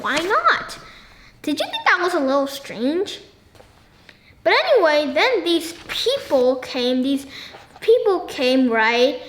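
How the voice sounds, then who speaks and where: High-voiced woman in an echoey room. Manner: halting, searching for words with many ums and restarts; asks the listener frequent questions. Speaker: book discussion host. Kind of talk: casual book discussion with questions to listeners. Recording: echoey room with faint noise.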